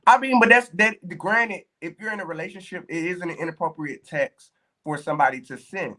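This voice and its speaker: Casting: high-pitched male co-host, sassy and playful. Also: a little fast, bright, forceful tone. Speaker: podcast co-host. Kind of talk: casual chat.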